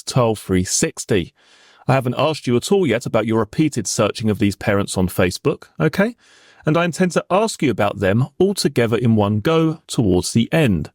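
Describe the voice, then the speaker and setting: A man cross-examining a witness in a formal, probing manner, pressing with pointed questions. His pitch rises and falls a lot as he presses, and the sound is close and dry with no room around it. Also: darkish tone, dry recording. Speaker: prosecuting barrister in reenactment. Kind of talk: courtroom cross-examination reenactment.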